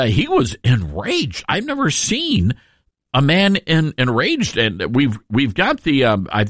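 Sarcastic, lively male talk radio host. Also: medium pitch, no echo, studio quality. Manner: sarcastic, emphatic, with asides to listeners. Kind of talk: opinionated talk radio monologue.

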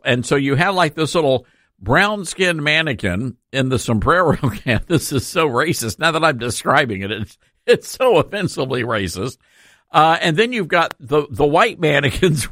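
A man's voice: a little high, fairly bright tone, dry recording, studio quality. A man hosting a talk radio show, sarcastic and opinionated, laughing through his asides.

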